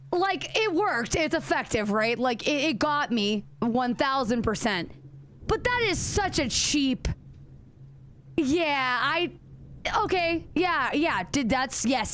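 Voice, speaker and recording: Animated high-voiced woman streamer. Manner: chatty and animated, swears freely, talks directly to chat; rambling with frequent restarts and self-corrections. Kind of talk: casual live-stream commentary while playing a horror game.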